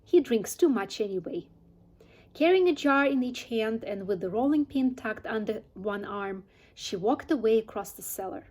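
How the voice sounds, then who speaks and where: A woman reading a children's chapter book aloud and then asking quiz questions in a clear, teacherly way. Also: a little high, expressive, moderate pace, a little mellow. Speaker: storybook reader.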